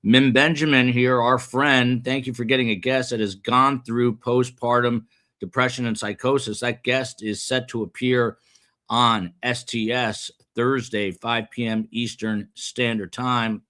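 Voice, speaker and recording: A middle-aged man hosting a live stream reads chat comments aloud, rambling, self-deprecating and full of fillers. His mid-range voice is level, bright and forceful, and he speaks a little slowly.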